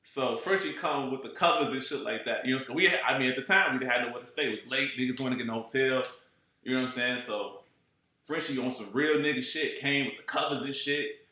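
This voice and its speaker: Animated man telling a street story in an echoey room. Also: mid-range voice, quick pace. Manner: animated, profane, streetwise slang, keeps asking "you know what I'm saying". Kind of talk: casual storytelling.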